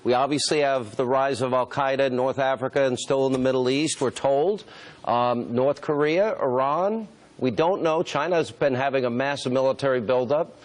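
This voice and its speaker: A male talk show host in a mid-pitched voice leads the interview with pointed, rhetorical questions. He builds his case by listing examples one after another. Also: moderate pace. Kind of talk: broadcast interview.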